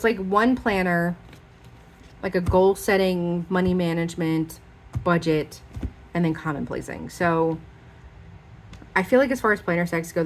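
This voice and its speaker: A woman's voice: lowish voice, a little mellow. A young woman chatting casually as she shows off her planners, rambling with lots of fillers. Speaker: planner vlogger. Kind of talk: casual show-and-tell chat.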